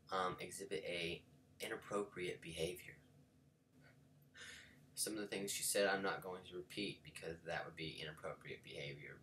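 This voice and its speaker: A man's voice: sits low, sharp tone. A man telling a rambling story in a casual vlog, full of fillers and sudden whispered asides. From United States. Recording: voice a bit far from the mic, faint background noise.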